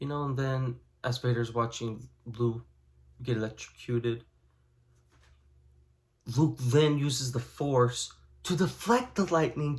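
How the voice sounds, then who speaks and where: A man's voice: medium pitch, a bit bright. A man with an ordinary mid-range voice talks through a book in a loose, casual review. He rambles along, leaning on "you know" and "like" as he goes.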